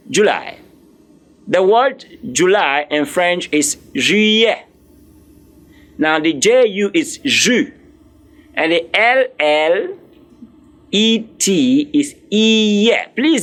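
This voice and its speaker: Slow, animated male French teacher. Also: sits high. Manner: slow, repetitive drilling with letter-by-letter spelling; encouraging, speaks directly to learners. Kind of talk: live online language lesson.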